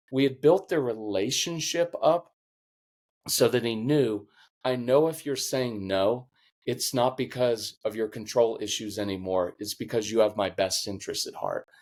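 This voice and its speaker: A middle-aged man, a parenting coach being interviewed, telling stories earnestly and getting choked up with emotion. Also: medium pitch. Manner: earnest, emotional, animated storytelling. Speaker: podcast guest, parenting coach. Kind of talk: conversational interview.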